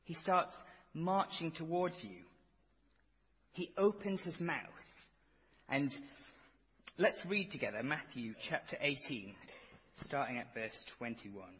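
A man's voice: fairly high pitch, animated, slow pace, long pauses, a bit bright, husky. A man preaching a sermon, telling a vivid, dramatic second-person story and then reading scripture aloud. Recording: echoey hall, dull lo-fi sound.

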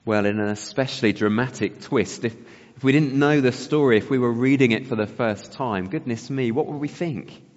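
A man's voice: mid-range voice, moderate pace. Man, preacher, reflective rhetorical questions, long hall echo, muffled sound. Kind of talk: sermon.

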